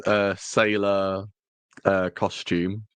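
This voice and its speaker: A man co-hosting a casual review podcast, chatty and jokey, with a fairly low voice. He talks slowly, and the sound is dry and close to the mic. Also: little pitch movement, a bit bright, smooth, no echo. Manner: chatty, jokey, with frequent restarts. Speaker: podcast co-host. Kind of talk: casual chat.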